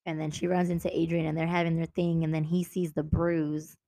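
A woman talks through a romance novel with a friend, animated and laughing as she acts out the characters. Her voice sits on the low side and sounds dry and close, with almost no room around it. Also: brisk, no room sound. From Texas. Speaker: podcast co-host. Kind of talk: casual book chat.

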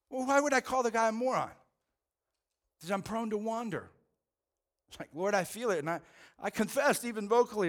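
A man's voice: high voice, fairly quick, a bit bright. A man preaching a sermon as pastor, earnest and conversational, often repeating words as he goes.

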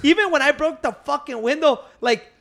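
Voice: high-pitched, moderate pace, vocal fry, a bit bright. A speaker telling a rambling story in casual chat, swearing and acting out what others said.

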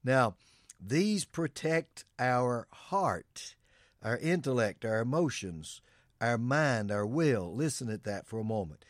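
Male pastor, earnest sermon delivery, mid-pitched, dry close sound. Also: lively intonation, slow pace, no room sound. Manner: earnest preaching with Bible quotations.

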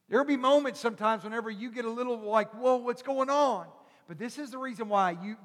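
A male pastor preaching a sermon, telling a story animatedly and acting out the characters before building to loud preaching. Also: high voice. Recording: long hall reverb.

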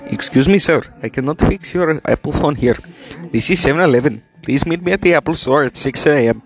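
A man's voice: fairly high pitch, fairly quick, faint music behind, natural voice. A man playing an impatient shop clerk. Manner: stilted broken English.

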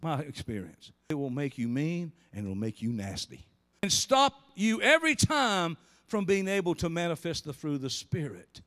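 A middle-aged man preaching a sermon, telling stories with big swings between loud and soft. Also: very animated, moderate pace, big-room sound. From Southern US. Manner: storytelling preacher with big swings in pitch and volume. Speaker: pastor.

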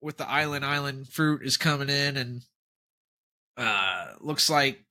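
A man with a very bright, sharp-edged voice at a middle pitch, chatting casually as a podcast co-host. He talks animatedly, laughs often and drifts into playful tangents. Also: unhurried. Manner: animated, laughing, jumps into tangents and jokey impressions. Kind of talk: casual chat.

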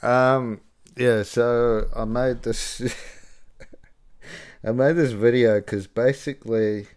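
A man's voice: mid-range voice, fairly even intonation, slow pace, a little mellow. A man casually commenting on a video clip, laughing often and rambling with fillers. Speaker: reaction video host.

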